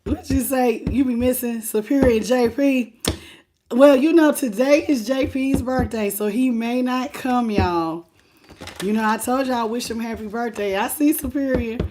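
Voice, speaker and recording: A woman with a raspy, laryngitis-roughened voice that still sits fairly high hosts a live tarot stream. She talks slowly and easily, greeting viewers like old friends and calling them baby and boo. A faint hiss runs under the stream mic. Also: mellow. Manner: unhurried and chatty, laughing often. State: hoarse from laryngitis.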